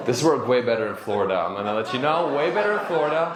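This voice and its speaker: A stand-up comedian works the crowd in a brash, teasing way. His voice is a bit high and swings around a lot. A loud noisy club crowd fills the background. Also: wildly swooping pitch, moderate pace. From Germany. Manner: brash, laughing, teasing the audience.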